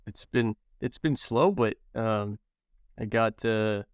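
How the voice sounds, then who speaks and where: A man's voice: lowish voice, slow pace, clear, resonant tone, no echo, clean studio sound. A man who coaches baseball, chatting casually on a podcast with lots of hesitant fillers. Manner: hesitant, filler-heavy talk. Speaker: podcast host, hitting coach. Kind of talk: casual chat.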